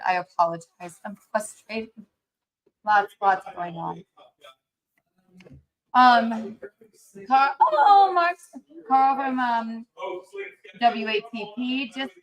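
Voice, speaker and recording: A woman's voice: on the high side, pushed and bright, poor audio. A woman hosting a casual livestream while she cooks, chatty and brash, gossiping and swearing freely. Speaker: livestream host.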